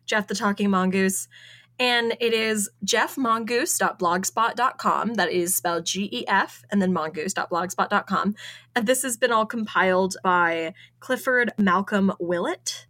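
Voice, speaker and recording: A woman's voice: medium pitch, a bit bright. Chatty woman podcaster reading her research. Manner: chatty, laughs often, spells out names. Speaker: podcast co-host presenting research. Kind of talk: casual chat, reading out research notes.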